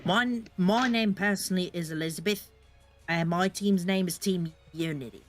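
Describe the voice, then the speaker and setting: A tabletop player speaking in character, calm and friendly. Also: mid-range voice, normal speed, faint music behind. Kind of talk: in-character tabletop role-play.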